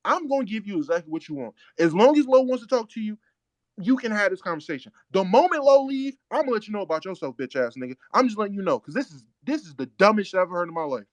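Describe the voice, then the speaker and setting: A man's voice: sits high, sing-song, fast talker, no room sound. A man hosting a live audio chat room, blunt, profane and confrontational in a heated argument.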